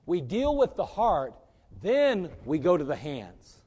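A man preaching a sermon as pastor, emphatic and rising to loud peaks. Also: a little high, huge pitch swings, slow, husky.

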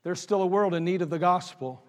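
In a church sanctuary, a male pastor preaches an emphatic sermon full of repeated phrases and folksy storytelling. His voice is high and darkish in tone, and he speaks fairly quickly. The recording carries the reverb of a church hall.

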